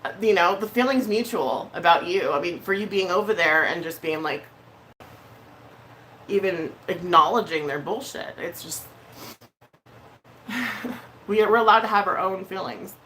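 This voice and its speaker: A woman vlogger chatting casually on a live stream, blunt and heated, swearing often and pausing on fillers. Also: lowish voice, fairly bright tone, a little hiss or hum. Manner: emotional, hesitant with many fillers.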